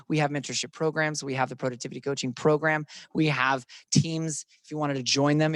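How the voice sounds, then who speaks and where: A man leading a real estate training session, coaching his audience with energetic, motivational urging. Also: fairly high pitch, no room sound, clean studio sound. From grew up on a cattle ranch. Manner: energetic, pep-talk coaching.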